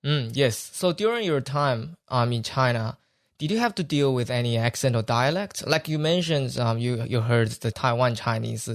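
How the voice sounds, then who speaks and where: A man of middle pitch hosts the podcast, nodding along with short murmurs and then asking careful, measured questions. His voice sounds close and dry, with no room around it. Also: expressive, no echo. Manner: brief backchannels, measured questions. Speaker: podcast host.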